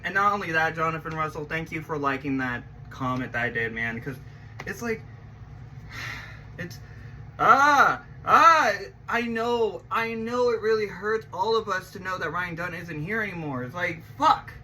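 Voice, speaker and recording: A man's voice: high-pitched, pushed and bright, distant mic, a little hiss or hum, rough recording. A man giving casual reaction commentary as a trailer reactor, rambling and emotional, stammering and repeating himself, with casual swearing.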